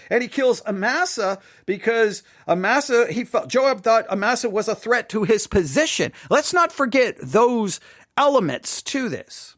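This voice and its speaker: A man talks through a sermon he is reviewing, thinking out loud, often stopping to rephrase or second-guess himself. His voice sits high and swings widely in pitch, and the sound is dry with no room around it. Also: no room sound. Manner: thinks aloud with restarts, self-questioning. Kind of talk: casual commentary.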